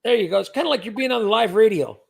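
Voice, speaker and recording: A man runs a casual live stream chat, joking and telling rambling stories. His voice sits high and has a husky rasp to it. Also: fast talker. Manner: jokey, rambling storyteller who reads out chat comments.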